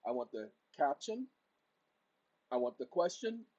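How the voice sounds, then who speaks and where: A man with a mellow, husky voice runs his own channel and talks viewers through a document on screen. He barks sharp orders at a voice assistant, then drops to low asides for his audience. The recording sounds dull and lo-fi. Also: very animated, unhurried. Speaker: channel host. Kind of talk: casual screen-share walkthrough.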